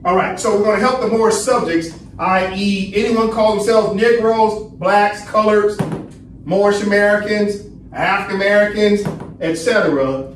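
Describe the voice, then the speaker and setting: A man with a high-pitched voice leads a study class. He poses questions and answers them himself, tagging "right?" onto his points. The sound is distant and roomy, with a faint hiss behind it. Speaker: study session teacher. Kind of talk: lecturing class. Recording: roomy echo, distant mic, faint noise.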